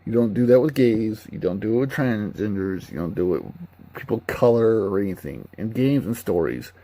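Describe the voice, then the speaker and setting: A man gives a casual, candid spoken review of a video game, rambling and laughing at his own retellings. His voice is on the low side and warm in tone, animated and a little fast.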